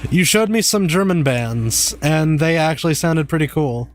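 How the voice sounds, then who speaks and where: A man's voice: a little high, lively intonation, normal speed. An American man live-streaming a game, chatting casually, swearing freely and reading chat messages aloud.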